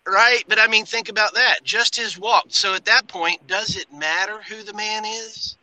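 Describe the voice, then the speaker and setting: A man with a sharp, forceful voice and a slightly raised pitch argues his case with emphasis. His speech is folksy and direct. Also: steady tone, normal speed, no room sound, low-quality recording. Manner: emphatic, argumentative, folksy grammar. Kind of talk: casual chat.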